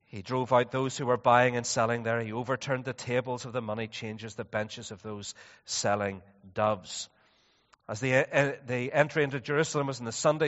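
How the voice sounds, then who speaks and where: A man preaching a sermon, moving between quiet, reflective passages and loud, animated stretches. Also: medium pitch. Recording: dull, slightly distant sound with long reverb.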